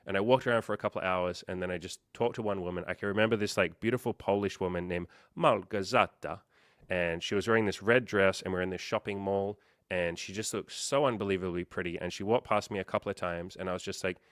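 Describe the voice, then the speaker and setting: A low-pitched man hosts a casual livestream, chatting straight to his viewers. He rambles through stories with loads of fillers and the odd curse word, sounding open and unfiltered. The sound is dry and close, with no room around it. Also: quick pace, a bit bright, dry recording. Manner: candid, profane, rambling storyteller with lots of fillers. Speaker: dating coach hosting a livestream.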